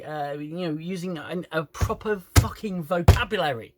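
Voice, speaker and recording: A fed-up man rants his way through a review, swearing freely and tripping over his own words. His voice sits a touch high for a man, and it comes through a camera phone. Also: a little mellow. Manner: exasperated, sweary, halting with restarts. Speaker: YouTube reviewer. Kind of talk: casual rant review.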